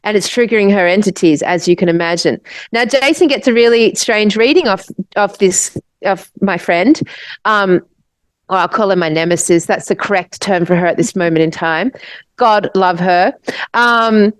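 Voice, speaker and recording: An Australian woman, a podcast co-host, telling a long story in casual chat, animated and swearing, restarting her sentences. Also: medium pitch, moderate pace, no room sound.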